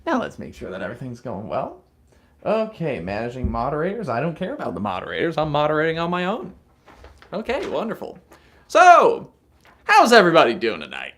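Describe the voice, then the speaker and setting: Young male streamer, slightly high and animated, casual and profane. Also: brisk. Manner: chatty, swears freely, laughs at his own jokes. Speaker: live stream host. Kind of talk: casual live stream chat.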